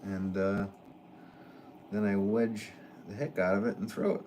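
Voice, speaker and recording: Low-voiced man chatting while throwing pots. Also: fairly even intonation, a little slow, a little mellow, a little hiss or hum. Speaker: potter streaming live. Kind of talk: casual live-stream chat while working. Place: pottery studio.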